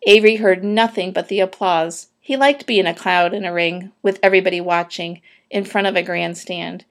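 A woman narrating a children's book aloud, with steady storytelling and a few small slips. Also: lowish voice, normal speed.

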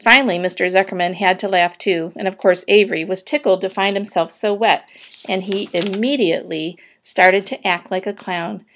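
A woman narrating a children's book aloud, with steady storytelling and a few small slips. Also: medium pitch, normal speed, slight background noise.

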